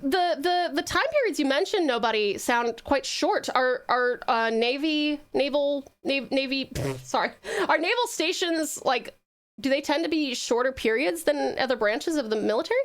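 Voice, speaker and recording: Bubbly Australian woman with a high voice. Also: lively intonation, normal speed. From Tasmania, Australia. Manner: bubbly and affectionate, calls viewers pet names. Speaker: streamer. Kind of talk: casual live-stream chat. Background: loud background music.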